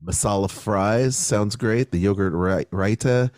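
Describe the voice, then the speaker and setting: A man's voice: fairly low pitch, measured pace, a little mellow, no room sound, clean studio sound. A man co-hosting a podcast in casual chat, playful and jokey, laughing often. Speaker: podcast co-host.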